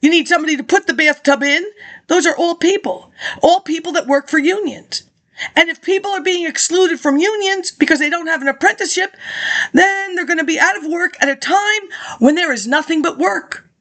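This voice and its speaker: A woman with a high voice reads an old campaign speech aloud. She keeps wandering off into casual, rambling asides, laughing and clearing her throat as she goes. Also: a little fast, a bit bright. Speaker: reader of archive documents. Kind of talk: reading a speech aloud with offhand commentary.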